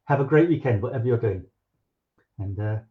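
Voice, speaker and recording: A man's voice: mid-range voice, animated, a little fast, phone-quality sound. Rambling male live-stream host. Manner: rambling, many fillers and restarts. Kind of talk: casual live-stream chat.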